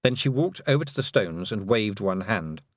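A man narrating a storybook in an animated reading voice. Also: on the low side, normal speed, no echo, studio quality. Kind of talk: audiobook narration.

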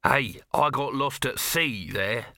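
A man's voice: mid-range voice, takes it slowly, gravelly, sharp tone, no room sound, clean studio sound, exaggerated voice. A man voicing a scheming middle-aged male huckster who dodges and wheedles, in an audiobook reading. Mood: curious.

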